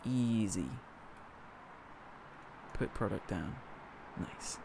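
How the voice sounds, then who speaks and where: This northern English streamer plays a cooking game and talks easily with his audience, naming viewers to thank them and making fun of himself. His voice sits fairly low and sounds gravelly and expressive, with drawn-out words, over some background noise.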